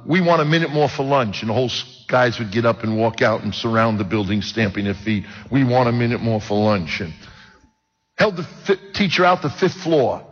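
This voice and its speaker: A man's voice: medium pitch, a bit bright, breathy edge. An older man, preaching a personal testimony and joking with the audience. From Brooklyn, New York. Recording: dull sound with long hall reverb.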